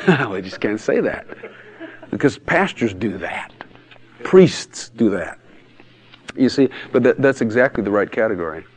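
A man's voice: medium pitch, lively intonation, normal speed. A man preaching in a blunt, emphatic way, often laughing and acting out quotes in other voices. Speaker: pastor. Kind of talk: sermon-style teaching talk.

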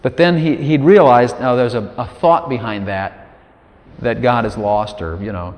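A man's voice: mid-range voice, a little slow, darkish tone. Guy giving a laid-back folksy sermon, chatty, lots of little asides, big echoey hall. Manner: conversational, folksy, many "you know" asides; acts out quoted prayers in a raised voice. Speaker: preacher. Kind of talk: informal sermon teaching. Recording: long hall reverb.

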